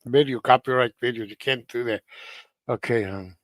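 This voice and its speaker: A man's voice: mid-range voice, moderate pace, no room sound. A man chatting casually to camera in a rambling, hesitant way with many fillers.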